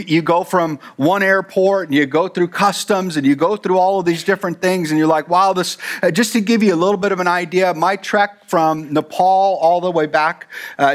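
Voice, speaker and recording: A man's voice: on the high side, a bit bright. A man preaching a sermon as pastor, talking conversationally with rambling fillers and asides. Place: church.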